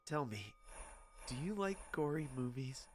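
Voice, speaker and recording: A man voicing a calm, psychotic male serial killer who speaks coldly and mockingly. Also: a little high, a little slow, a little hiss or hum, pitched above the performer's own voice. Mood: menacing.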